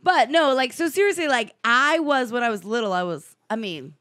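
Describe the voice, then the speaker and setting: Bubbly high-voiced woman, crude chatter. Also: lively intonation, moderate pace, a bit bright, dry recording, studio quality. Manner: bubbly, crude, rambling storyteller. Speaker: podcast co-host. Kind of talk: casual comedic chat.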